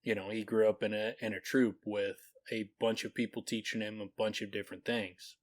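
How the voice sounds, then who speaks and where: A man's voice: lowish voice, flat delivery, brisk. A man co-hosting a podcast, chatting casually about a novel and often trailing off and restarting. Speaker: podcast co-host. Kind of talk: casual book discussion.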